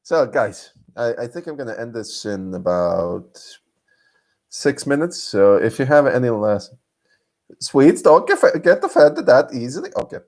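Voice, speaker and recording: A man's voice: medium pitch, big pitch swings, unhurried, a little mellow. A man from Serbia, chatting casually on a live stream, joking and laughing often between lines.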